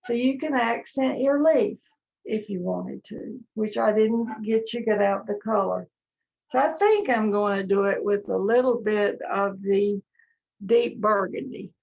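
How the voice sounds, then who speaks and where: A woman teaching a live painting class, talking gently step by step as she works. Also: medium pitch, creaky. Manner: slow, gentle step-by-step instruction. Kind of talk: live online painting lesson. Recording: dull lo-fi stream audio.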